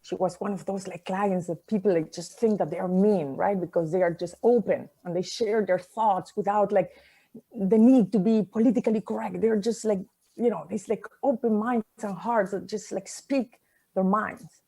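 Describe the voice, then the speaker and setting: A woman whose first language is not English, giving a personal talk, reflective and conversational, with pauses and soft endings. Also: mid-range voice, slightly rough. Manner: conversational fillers like "like" and "you know".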